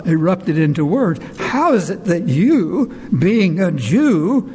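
A man delivering a sermon at a slow, halting pace, filling his pauses with "uh". His voice sits a little high for a man yet sounds mellow and dark. He is heard in a large hall with a long reverb and a faint ambient hum behind him. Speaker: preacher.

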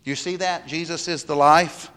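A man's voice: on the high side, fairly even intonation, moderate pace, sharp tone, smooth. A pastor preaching a sermon, stressing his points and asking the congregation rhetorical questions. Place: church sanctuary. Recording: long hall reverb.

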